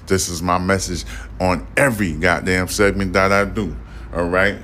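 A man's voice: low voice, fairly even intonation, normal speed, sharp tone, a little hiss or hum. A man hosting a solo commentary podcast, talking in a blunt, emphatic, casual way and swearing often. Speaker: podcast host.

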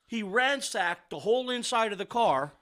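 Animated, profane man telling a story. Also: high voice, moderate pace. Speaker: works at a car dealership service department. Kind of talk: casual chat.

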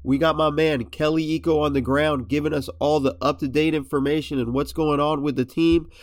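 A man's voice: fairly high pitch, steady tone, fairly quick, no echo, studio quality. A man hosting a casual sports podcast, nasal and congested, joking and teasing his co-hosts. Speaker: podcast host.

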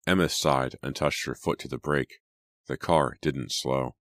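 Man, extremely deep voice, steady narration, dry close sound. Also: unhurried, dry recording. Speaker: audiobook narrator. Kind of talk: scripted narration.

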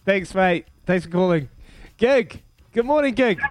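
A man's voice: high-pitched, expressive, unhurried, no room sound. A man with a New Zealand accent hosting a radio call-in quiz, upbeat and bantering as he counts down the answers. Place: radio studio.

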